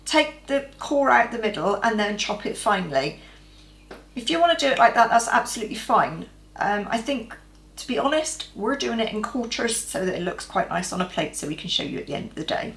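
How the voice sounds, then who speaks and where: A woman's voice: fairly high pitch, lively intonation, a little fast. Chatty woman cooking in an echoey kitchen. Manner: chatty, practical, step-by-step instructions. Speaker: cooking vlogger. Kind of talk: casual cooking demonstration. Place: home kitchen.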